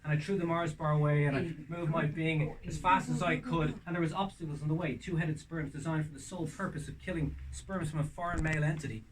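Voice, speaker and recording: A man doing stand-up comedy, animated, with bursts of loud shouting when acting out scenes. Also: fairly high pitch, fast, hardly any pauses. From Ireland. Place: castle room with live audience. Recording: distant mic, audience noise.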